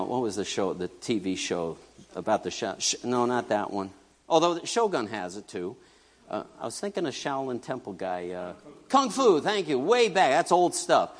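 A middle-aged man preaching a conversational sermon, animated and joking, swinging between loud bursts and hushed asides. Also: medium pitch. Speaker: pastor. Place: church sanctuary. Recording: long reverb of a large church hall.

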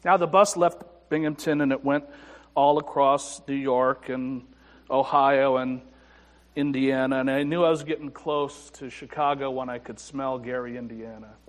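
A man preaching a sermon as a pastor, telling a personal story with dry humor and soft, reflective passages. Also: mid-range voice, fairly even intonation, normal speed. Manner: personal storytelling with self-deprecating humor and hushed reflective moments. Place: church sanctuary. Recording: church sanctuary with long reverb.

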